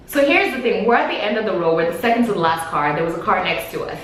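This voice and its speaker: This fast-talking young woman, medium in pitch, is a vlogger chatting casually as she recounts a story. She plays out what each person said with lots of animation, and the recording has room echo and a faint hiss.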